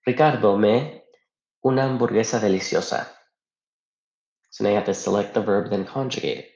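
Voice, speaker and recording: Man, Spanish teacher, recorded lesson, lowish voice, echoey room, dull lo-fi sound. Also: fairly quick, vocal fry, darkish tone. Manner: patient step-by-step explaining with rhetorical questions.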